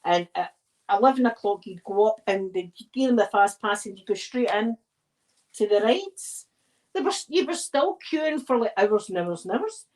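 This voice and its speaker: A woman's voice: mid-range voice, lively intonation, moderate pace, a little mellow. A Scottish woman talks in an easy, meandering way, drifting from one story to the next. Her tone is casual, as though she is chatting while busy with her hands. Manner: rambling, digressive storytelling. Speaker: ASMR video creator. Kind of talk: casual chat while decorating a tree.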